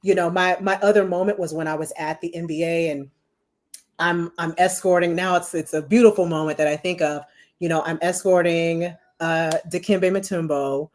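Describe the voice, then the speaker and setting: Chatty woman with a lower voice. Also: moderate pace. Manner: chatty, animated, many "you know" fillers. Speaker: podcast guest, marketing executive. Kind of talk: casual storytelling interview.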